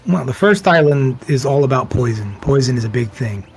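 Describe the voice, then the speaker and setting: A man's voice: medium pitch, animated, fairly quick, soft background music, rough recording. A man from Florida chatting on a game stream, laid-back, profane and enthusiastic. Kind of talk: casual live-stream banter.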